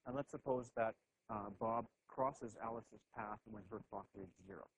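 A man's voice: on the low side, fairly even intonation, moderate pace, low-quality recording. A man giving a classroom physics lecture at a board, thinking aloud with frequent restarts and "okay"s.

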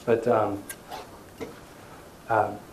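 A man's voice: on the low side, flat delivery, very slow, noisy background. Hesitant man giving an academic talk. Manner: hesitant, many fillers and restarts. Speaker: lecturer.

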